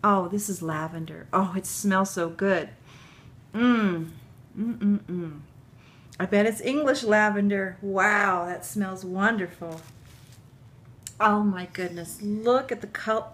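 A woman unboxing a gift package on her vlog, tearful and gushing, laughing through her tears and dropping into soft whispers. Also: mid-range voice, slow pace. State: tearful, crying while talking. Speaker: vlogger opening a gift package.

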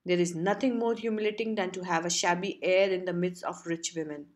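A woman's voice: fairly low pitch, steady tone, a little fast, natural voice. A woman voicing a vain, discontented young wife who complains sharply. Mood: plaintive.

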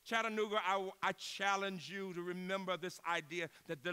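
A man in his sixties, a university president, giving an inspirational keynote speech and telling stories with emphasis, moving from loud bursts to hushed tones. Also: high voice, steady tone, moderate pace, clean tone. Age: 60s.

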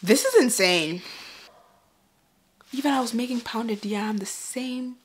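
A woman's voice: on the high side, a little slow. A young woman vlogging at home in a chatty, casual way, laughing often. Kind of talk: casual vlog chat.

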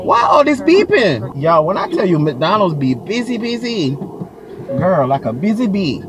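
A man vlogging from his car as a delivery driver, talking in a sassy, flamboyant, dramatic way. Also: high-pitched. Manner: sassy, flamboyant, dramatic, keeps saying "girl" and "Miss Thing". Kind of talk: casual vlog chat. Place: inside a car while driving. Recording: car noise behind the voice.

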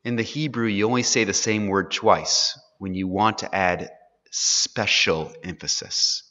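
A man's voice: on the low side, fairly even intonation, unhurried, pushed and bright. A man teaching an earnest, sermon-style Bible class, pressing his listeners with rhetorical questions. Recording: dull, echoey hall recording.

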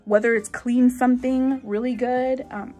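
Young woman, chatty bubbly vlog talk, lots of ums, soft music behind. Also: a little high, fairly even intonation, moderate pace. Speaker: vlogger. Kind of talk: casual show-and-tell vlog. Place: her bedroom.

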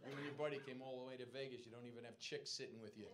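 A man's voice: medium pitch, fairly even intonation, very fast. A man doing stand-up crowd work in a comedy club, brash and profane, mocking hecklers. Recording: loud live club noise. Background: crowd laughter.

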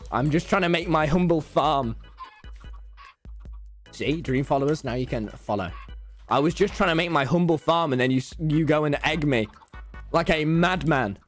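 A British teenage boy streaming a game, chatting casually in a teasing, mock-indignant way that breaks into shouting. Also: on the high side, moderate pace, pauses often. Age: teens. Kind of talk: casual gaming chat. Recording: faint game music behind.

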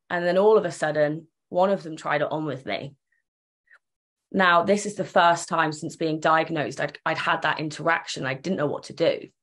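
A young woman tells her own story earnestly and emotionally, acting out the remembered dialogue. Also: sits low. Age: young adult. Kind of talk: personal storytelling.

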